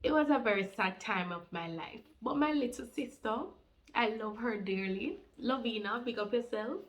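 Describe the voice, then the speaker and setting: A Jamaican woman in her thirties telling her personal faith testimony, animated and heartfelt, slipping into patois. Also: on the high side, moderate pace, faint music behind. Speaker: faith channel co-host.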